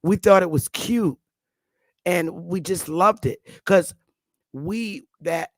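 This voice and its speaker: A woman in her fifties from the northern United States delivers a rambling, unscripted monologue to her YouTube audience, full of restarts and fillers. Her voice is lowish and slow-paced, recorded with no room sound.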